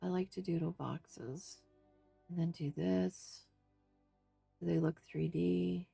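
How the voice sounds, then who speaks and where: A woman's voice: fairly low pitch, fairly even intonation, takes it slowly, creaky, mellow, breathy edge, faint music behind. A woman chatting casually through an art journaling tutorial, thinking aloud, fussing over details and talking to her viewers. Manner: fussy, second-guessing. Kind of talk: casual crafting tutorial chat.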